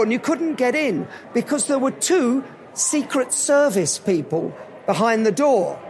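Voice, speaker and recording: A man giving a live motivational talk at an event, telling animated anecdotes. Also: extremely high pitch, a little hiss or hum. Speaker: motivational speaker.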